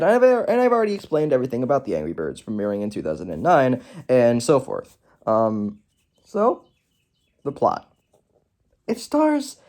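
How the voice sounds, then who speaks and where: Man with wildly swinging pitch. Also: a little mellow. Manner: rambling, with self-corrections and asides. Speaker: movie reviewer. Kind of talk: casual video review.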